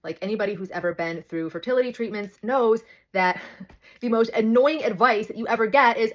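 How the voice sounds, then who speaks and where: A woman's voice: a little high, brisk. Slightly breathless woman talking casually. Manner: chatty, self-interrupting, animated storytelling. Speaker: host. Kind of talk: casual talk to camera. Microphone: phone held close.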